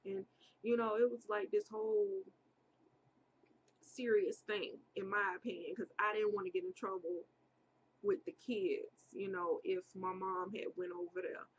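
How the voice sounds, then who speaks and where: A young woman tells a story at an unhurried, drawn-out pace, her voice in the middle of the usual range. She talks casually and turns animated, jumping high when she acts out what people said. The recording sounds dull and lo-fi, with a faint hiss underneath. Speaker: vlogger.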